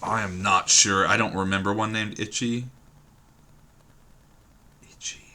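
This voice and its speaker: A man's voice: lowish voice, fairly even intonation, unhurried, bright, forceful tone, a little hiss or hum. A man thinking aloud while solving a word puzzle at his computer, musing and hesitant, trailing off and repeating words to himself. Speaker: puzzle game streamer.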